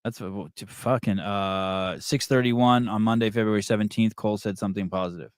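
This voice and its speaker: A man's voice: fairly low pitch, steady tone, brisk, clean tone, dry recording, studio quality. A man hosting a podcast, chatting loosely with fillers, profanity and jokes. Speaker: podcast host. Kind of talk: casual chat.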